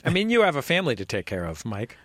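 A man's voice: medium pitch, wildly swooping pitch, quick pace, a bit bright, no room sound, studio quality. A man from San Francisco interviewing a guest with wry, playful questions. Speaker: podcast interviewer.

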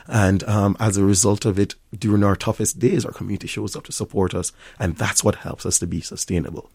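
A middle-aged man with a Jamaican accent, a restaurant owner speaking as an interview guest, animated, with frequent laughs. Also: on the low side, a little fast, vocal fry, breathy edge, no echo, studio quality. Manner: animated storyteller, laughs often, many restarts. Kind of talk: conversational interview.

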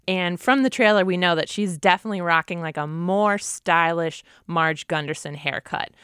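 A woman's voice: fairly low pitch, a bit bright, smooth, dry recording. Chatty woman podcast co-host, dry close sound. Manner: chatty, enthusiastic, quick asides. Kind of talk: casual chat. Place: local, but not a Minnesota native.

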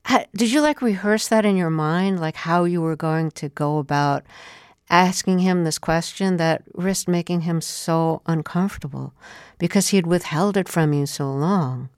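A woman hosting an interview, asking careful, measured questions. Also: on the low side, a little mellow, smooth, no room sound, clean studio sound. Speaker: radio interviewer.

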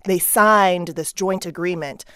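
A woman's voice: on the low side, a little slow, a bit bright, smooth, no echo. Wry woman correspondent, dry sound. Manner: wry, sardonic. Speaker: news correspondent. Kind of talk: casual chat.

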